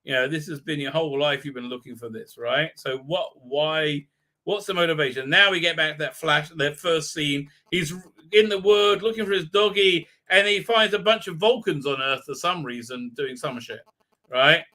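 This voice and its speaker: A man's voice: fairly high pitch, moderate pace, pushed and bright. A man hosting a live stream, recapping an episode in a rambling, irreverent way with lots of fillers. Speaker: show host.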